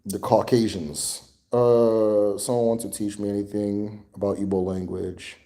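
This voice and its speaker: A man's voice: lowish voice, level tone, unhurried, dark tone. A man hosting a casual livestream Q&A, answering viewer questions in a loose, rambling way, swearing and chuckling often.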